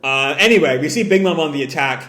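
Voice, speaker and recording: A man casually reading through a comic chapter and commenting on it, animated and swearing now and then. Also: fairly high pitch, fast. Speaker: comic reader and reviewer. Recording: roomy echo.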